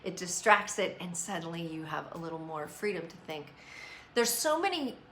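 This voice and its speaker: A woman's voice: on the low side, sing-song, moderate pace, fairly bright tone, slight background noise. A woman hosting a live stream, talking earnestly and reflectively about meditation and positive thought, with loose fillers. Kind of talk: casual spiritual self-help talk.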